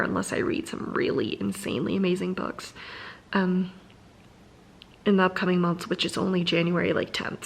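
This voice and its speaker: A woman's voice: lowish voice, moderate pace, vocal fry, slight background noise. A young woman chatting casually in a home vlog about books, gushing and full of "like" fillers. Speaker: book vlogger.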